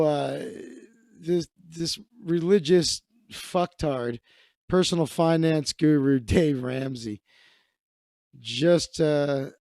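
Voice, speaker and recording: A man's voice: on the high side, darkish tone, dry recording. A man hosting a comedic live stream, riffing sarcastically and profanely with frequent restarts. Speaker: host.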